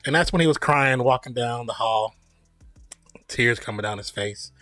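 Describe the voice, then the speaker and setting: A man's voice: mid-range voice, normal speed, pushed and bright, no echo, faint music behind. A man streaming casual play-by-play of a basketball game, opinionated and jokey, laughing at his own remarks. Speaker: streamer giving play-by-play at a live watch party. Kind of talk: casual fan play-by-play commentary.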